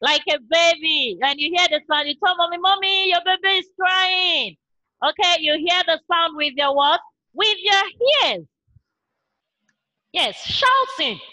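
Nigerian woman teacher, very high voice, slow, sing-song call-and-response, children's science class. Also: animated, pushed and bright. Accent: Nigerian English. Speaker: primary school teacher. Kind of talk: children's online science lesson.

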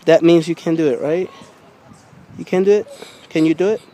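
A man coaching his young daughter at basketball outdoors, coaxing and repeating encouragement, sometimes rising to loud urging. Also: moderate pace. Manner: encouraging, repetitive coaxing, gets loud and high when urging. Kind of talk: casual coaching. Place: outdoors by a hoop. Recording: faint outdoor background noise.

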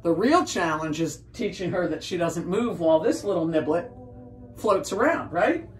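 A woman dog trainer explaining a training drill in a calm, steady way, with coaxing sing-song talk to the dogs in between. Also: fairly low pitch, normal speed. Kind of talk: hands-on training demonstration. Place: indoors with dogs. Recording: roomy sound from a distance, faint music.

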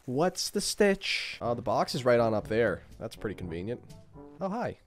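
A man hosting a casual gaming chat, relaxed, swearing and laughing often. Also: mid-range voice, brisk, faint music behind. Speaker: gaming channel host.

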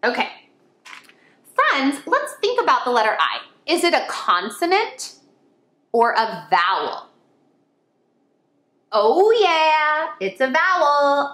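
A woman teaching young children an online lesson, her voice high and swooping with lively exclamations. She talks slowly and warmly to them as friends, recorded in an echoey room. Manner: animated, exclaiming, sing-song, speaks to children as friends. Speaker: kindergarten teacher.

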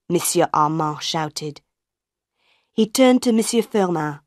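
Woman narrator for a graded-reader audiobook, lower voice, very slow and clear, dry sound. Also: animated, no echo. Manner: slow, clear, measured reading.

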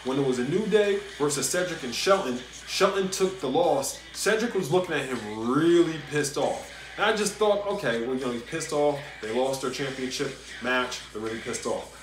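Male host of a casual wrestling recap, mid-pitched and animated, recorded in a roomy space with faint background noise. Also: moderate pace, few pauses. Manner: animated, rants and repeats himself when worked up. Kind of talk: casual solo review commentary. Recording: echoey room with faint noise.

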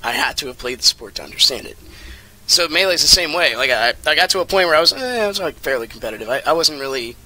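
A man in his thirties giving casual, rambling and jokey commentary while playing a game, with sudden excited outbursts. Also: a little high, fast. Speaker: let's play commentator.

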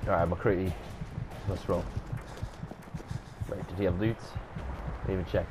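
A man giving gameplay commentary as a let's play host, excitable and swearing a lot. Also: deep voice, normal speed, pauses often, background noise. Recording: game audio and gunfire behind.

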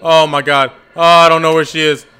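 A man's voice: a little high, flat delivery, a little fast, sharp tone, slight background noise. A man playing a horror game while commenting on it, muttering, swearing and breaking into frantic outbursts. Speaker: gaming YouTuber.

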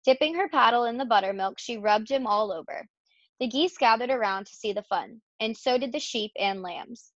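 A woman reads a children's chapter book aloud in a steady, expressive voice. Her voice sits a little high. The recording is dry and somewhat dull. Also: moderate pace, no echo. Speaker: reader. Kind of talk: storybook read-aloud.

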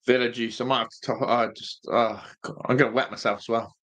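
A young man hosting a live football watch-along, nervous and excitable, groaning low one moment and shouting with joy the next. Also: fairly quick. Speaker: fan watch-along host.

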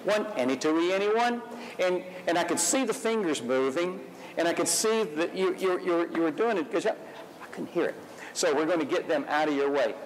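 A man's voice: fairly high pitch, normal speed, slight background noise, poor audio. A man leading a school band rehearsal, giving upbeat, encouraging instructions and singing the rhythms on syllables. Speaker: band clinician conducting a rehearsal.

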